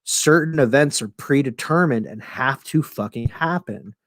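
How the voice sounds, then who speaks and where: Brief: man casually doing a sick, dying time traveler, earnest and profane, mid-pitched, dry close sound. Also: unhurried, dry recording, lightly acted. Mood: urgent. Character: dying male time traveler, urgent and persuasive.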